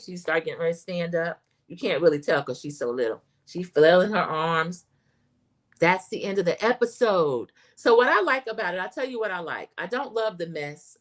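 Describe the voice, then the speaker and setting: Chatty woman hosting a recap stream. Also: on the low side. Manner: chatty, addresses viewers as y'all, reads chat comments aloud. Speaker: show host recapping reality TV. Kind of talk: casual recap commentary livestream.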